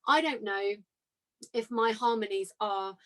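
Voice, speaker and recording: A woman hosting a podcast, talking in an enthusiastic, animated way in casual conversation with her guest. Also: fairly high pitch, measured pace. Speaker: podcast host.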